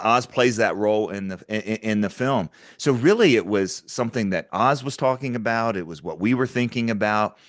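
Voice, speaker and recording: Man, lowish voice, earnest guest in a chat interview, restarts his sentences often, dry close sound. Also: no echo. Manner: earnest, with frequent stammered restarts. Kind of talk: conversational interview.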